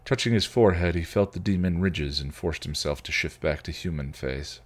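A man, a podcast host, reading fan fiction aloud in an expressive storytelling way. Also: low-pitched, moderate pace.

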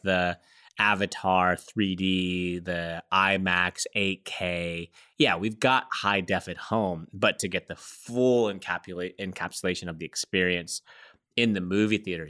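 A man with a fairly low voice, chatting casually on a podcast. He is animated and playful and pokes fun at himself as he riffs on ideas. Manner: animated, playful, self-mocking. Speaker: podcast co-host. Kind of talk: casual chat.

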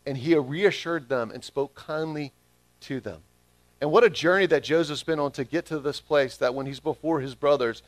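A man's voice: on the high side, a little fast, dry recording. A man preaching a sermon, stressing his key phrases by repeating them back to the congregation. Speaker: pastor.

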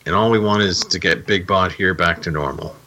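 A man's voice: sits low, fairly quick, sharp tone, slight background noise. A man doing an eager young robot cheetah.

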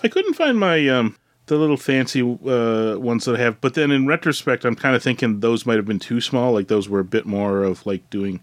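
A man's voice: mid-range voice, animated, moderate pace. A man co-hosting a podcast, chatting casually and rambling with many fillers while he builds something. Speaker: podcast co-host.

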